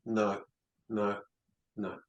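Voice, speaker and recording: A man speaking in a low voice. He is a guest in a relaxed conversation, and he stumbles and repeats his words as he reflects. The sound carries a noticeable roomy echo. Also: muffled recording. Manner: halting, repeats words often. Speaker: interview guest.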